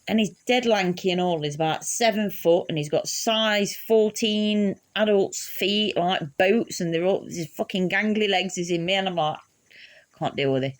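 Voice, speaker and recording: A woman's voice: mid-range voice, steady tone, moderate pace, few pauses. A woman telling a funny personal story in a casual, swearing, laughing way. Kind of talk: casual anecdote.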